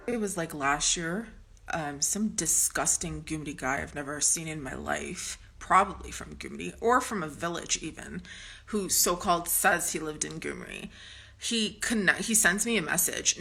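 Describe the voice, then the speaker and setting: A woman's voice: on the low side, pushed and bright. Blunt, profane woman ranting to camera. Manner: ranting with frequent restarts. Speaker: vlogger.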